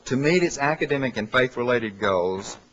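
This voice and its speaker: A man giving an academic lecture from a handout, pausing often with fillers and correcting himself. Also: mid-range voice, lively intonation, a bit bright, a little hiss or hum. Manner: halting, many "uh" fillers and self-corrections. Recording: dull lo-fi lecture recording.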